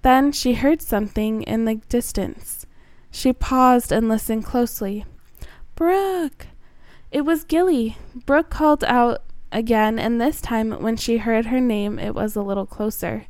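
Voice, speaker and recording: A woman reading aloud a homemade children's story in a gentle, earnest storybook manner. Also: a little high, measured pace, smooth, no room sound.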